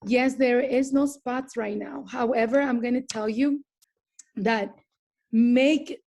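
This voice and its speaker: A woman's voice: on the high side, steady tone, slow pace, a little mellow. A woman team coach giving an earnest, urging motivational talk on a group call.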